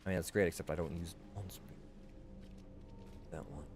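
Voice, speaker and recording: A man's voice: deep voice, steady tone, fairly quick, darkish tone, faint music behind. A man streaming a hardcore game run, rambling casually with fillers and restarts as he thinks aloud. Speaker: gaming streamer. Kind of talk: casual gameplay commentary.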